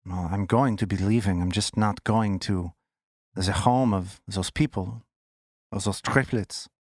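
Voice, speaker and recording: A man voicing an anxious young woman cultist who speaks in a thick, precise accent, with halting, formal phrasing. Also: fairly low pitch, fairly even intonation, dry recording, studio quality. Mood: wistful.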